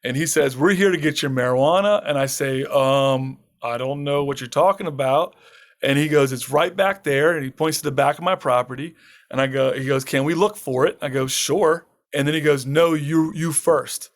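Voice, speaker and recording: Speaking at normal speed in a somewhat high voice, the farmer-author recounts a dramatic episode from his life during a podcast interview. He's a lively anecdote teller who voices other people's quoted lines and laughs frequently.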